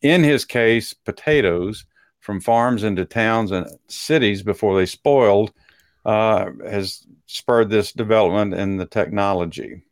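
Low-voiced man reading news with asides. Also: measured pace, no echo, studio quality. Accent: Texan. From Texas. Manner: reads articles aloud with asides and chuckles. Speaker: co-host. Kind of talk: casual talk show chat, reading news items.

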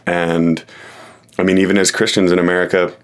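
Low-voiced guy on a podcast, kinda hesitant, restarts a lot, pokes fun at himself. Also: level tone, brisk, clean tone. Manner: hesitant, restarts often, self-deprecating. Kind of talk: casual podcast chat.

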